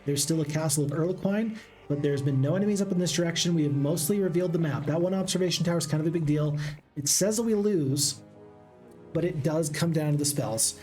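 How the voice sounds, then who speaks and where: A man with a slightly high, mellow voice talks through his moves in a strategy game, chatty and musing aloud to his viewers. Faint game music plays underneath. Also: fast. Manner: chatty, thinks aloud, addresses folks. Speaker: gaming channel host. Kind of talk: casual strategy game commentary.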